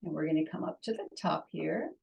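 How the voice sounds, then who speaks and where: A woman's voice: deep voice, big pitch swings, brisk, creaky, darkish tone, dull audio. A woman teaching a lesson, patiently walking through how to write each letter stroke by stroke. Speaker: Hebrew teacher. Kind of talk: step-by-step lesson on writing letters.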